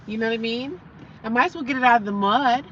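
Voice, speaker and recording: This young livestream host speaks fast in a fairly high, fairly bright voice, casually reading viewers' comments aloud and replying. The recording is slightly dull lo-fi with faint background noise.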